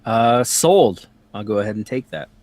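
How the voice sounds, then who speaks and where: A man's voice: lowish voice, animated, normal speed, a little mellow, dry recording. A man playing his character in a tabletop game, casual and playful. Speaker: player.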